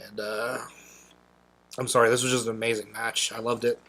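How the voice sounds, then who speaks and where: A man's voice: medium pitch, flat delivery, brisk, bright, forceful tone. A young man co-hosting a podcast, talking enthusiastically with many ums and uhs. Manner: enthusiastic, lots of filler words. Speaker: podcast co-host. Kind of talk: casual podcast chat.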